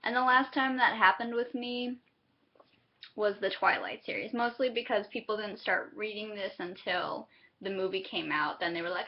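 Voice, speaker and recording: A woman's voice: mid-range voice, moderate pace, highs cut off. A young woman giving a casual book review, chatty and self-interrupting, often laughing between thoughts.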